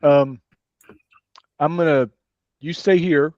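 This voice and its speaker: A man's voice: on the high side, steady tone, darkish tone, no echo. Hesitant male player, muffled sound. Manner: hesitant, halting. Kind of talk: tabletop game play.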